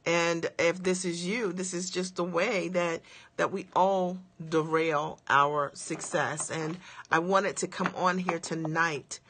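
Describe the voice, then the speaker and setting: A woman's voice: on the low side, fairly even intonation, a bit bright, a little hiss or hum. A woman business coach giving an emphatic motivational talk on a livestream, firing off rhetorical questions and checking in with her audience after each point. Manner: asks rapid rhetorical questions.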